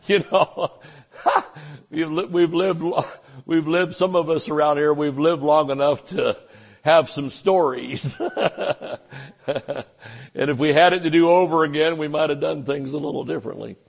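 A man's voice: a little high, a little slow, gravelly, pauses often. An older man preaching a sermon at a Bible study, folksy and chuckling, acting out little voices as he goes. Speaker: pastor. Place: church.

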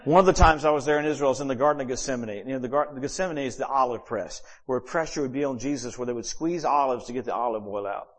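A man preaching a sermon as the pastor, telling stories in a lively, animated way with big swings in pitch and volume. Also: fast, few pauses.

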